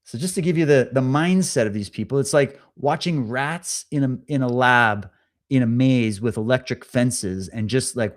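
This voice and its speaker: A man's voice: mid-range voice, animated, normal speed. A man hosting a live stream, giving casual commentary with sarcastic, mocking asides. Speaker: livestream host.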